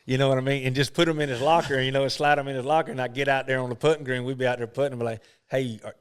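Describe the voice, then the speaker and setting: Brief: middle-aged golfer, smooth resonant voice, loose rambling storyteller. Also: male voice, mid-range voice, fairly even intonation, racing. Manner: folksy, rambling, lots of "you know". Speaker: professional golfer, interview guest. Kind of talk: casual storytelling interview.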